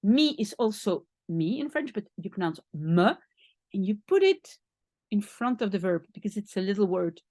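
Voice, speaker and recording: A woman's voice: medium pitch, very animated, moderate pace, darkish tone, no room sound, clean studio sound. A woman teaching a French lesson in English, explaining patiently step by step and spelling out each French word. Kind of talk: language lesson.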